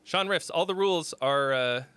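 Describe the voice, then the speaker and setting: A man's voice: a little high, moderate pace, a bit bright, smooth, no echo. A man in his forties hosting a song critique livestream, chatting casually in a rambling, profane way that breaks off and restarts. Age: 40s. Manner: rambling, profane, self-interrupting.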